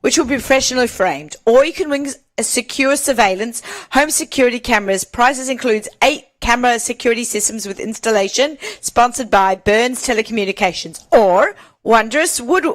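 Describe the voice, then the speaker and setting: A woman co-hosting a live charity auction stream, chatting excitedly and reading a prize list into a phone. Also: on the high side, normal speed, few pauses. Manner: excited, giggly, reads prize list aloud.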